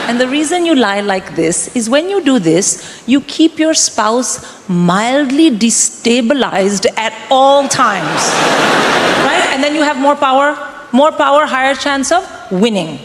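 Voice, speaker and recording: A woman in her forties performing a stand-up comedy set, delivering wry, deadpan punchlines to a crowd. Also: on the high side, slow pace. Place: comedy club stage. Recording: live room with long reverb and background noise.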